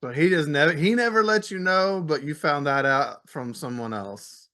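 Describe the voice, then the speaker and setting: Male interviewer, higher-pitched, calm probing questions, soft mm-hmms. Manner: measured, questioning, soft backchannels. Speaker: podcast host. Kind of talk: interview conversation.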